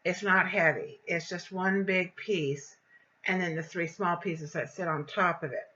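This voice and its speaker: An older woman telling a story in a casual vlog, animated and indignant as she recounts events. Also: fairly low pitch, measured pace, muffled recording. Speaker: vlogger.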